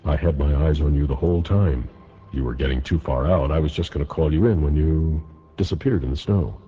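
Brief: man playing a grave, kindly sergeant, very deep, dull lo-fi sound. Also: slightly rough. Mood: gentle, grave. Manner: low, slow and gentle. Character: kindly gruff older male Marine sergeant. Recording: dull lo-fi recording.

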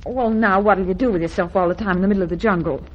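An actress playing a spirited, quick-tempered young bride-to-be, lively and indignant, in a vintage radio drama. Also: female voice, medium pitch, muffled recording, close to an everyday voice. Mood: teasing.

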